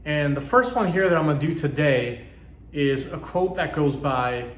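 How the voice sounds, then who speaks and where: A man with a slightly high voice talks loosely to his viewers, with plenty of "uh" and "you know" as he circles back on his points. He acts out little quoted reactions as he explains. The room around him is echoey. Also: animated, moderate pace, a bit bright. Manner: rambling, many fillers, acts out quoted reactions. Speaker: channel host. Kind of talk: casual motivational talk to camera.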